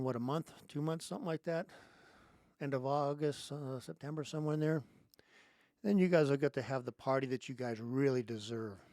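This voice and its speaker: A man's voice: medium pitch, darkish tone, no echo. A man hosting his own show, giving an angry, sarcastic political monologue straight into a close microphone. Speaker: host.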